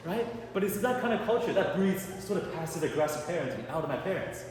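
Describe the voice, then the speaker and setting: A male stand-up comedian tells his stories in an animated way, his pitch swinging widely as he acts out the people in them. His voice rings through a big echoey hall with a long reverb tail. Clear background noise sits under his voice. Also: quick pace, few pauses. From Canada. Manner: animated storytelling with acted quotes. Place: art gallery event space with a live audience.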